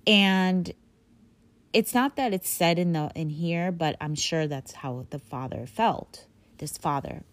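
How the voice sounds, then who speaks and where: A woman with a low voice teaches a Bible story in a loose, chatty way. She rambles and fills her talk with fillers, in a dry, close recording. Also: takes it slowly, no room sound. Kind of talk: casual retelling of a Bible story.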